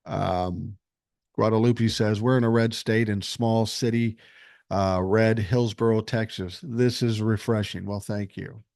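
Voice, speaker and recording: Here the Minnesota host, a man in his 60s, has a lowish, gravelly, darkish voice with fairly even intonation and an unhurried delivery. He reads chat comments on a casual livestream and responds bluntly, with frequent swearing but a reasonable tone. The recording is dry and clean, studio quality.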